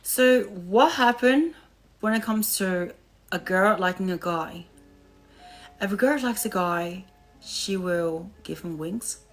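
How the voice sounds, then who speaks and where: A weary woman talks slowly to her live-stream viewers in a mid-pitched voice, stopping now and then to catch her breath. She thanks them in a soft, drawn-out way. Faint music plays behind her computer mic. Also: low-quality recording. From Australia. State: tired, resting her voice. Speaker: livestream host. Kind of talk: casual live-stream chat.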